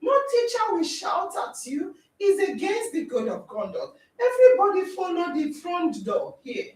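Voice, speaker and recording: A Nigerian woman hosting a podcast, giving a dramatic, animated talk in which she acts out scenes and exclaims. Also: very high-pitched, a little slow. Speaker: podcast host. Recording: echoey room, distant mic.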